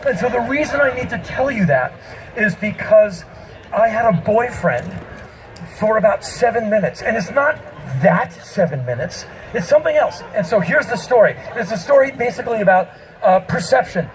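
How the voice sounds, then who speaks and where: A man in his fifties telling a comic story on an outdoor festival stage into a stage microphone, emphatic and breaking into shouts. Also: high-pitched, expressive, moderate pace, a little hiss or hum, rough recording. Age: 50s. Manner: emphatic, bursts into shouting, mimics people. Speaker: spoken-word performer. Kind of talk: stand-up storytelling.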